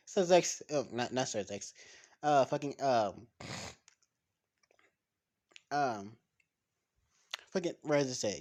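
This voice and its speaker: Brief: casual male reader, lively pitch, profane and rambly. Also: takes it slowly, long pauses. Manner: rambling, profane, stumbling over words. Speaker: story reader. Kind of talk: casual reading of fan fiction aloud.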